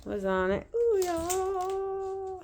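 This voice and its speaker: A woman's voice: extremely high pitch, sing-song, very slow, a little mellow, slight background noise. A woman at home chatting casually while filming her cats, laughing often and cooing at her pets. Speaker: pet vlogger. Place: at home, indoors.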